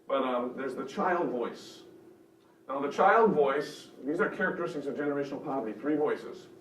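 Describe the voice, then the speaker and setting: A man's voice: mid-range voice, animated, normal speed, a little hiss or hum. A man teaching a church seminar in an earnest, conversational way, explaining with examples. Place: seminar room. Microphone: microphone over a room speaker system. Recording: roomy, distant, dull sound.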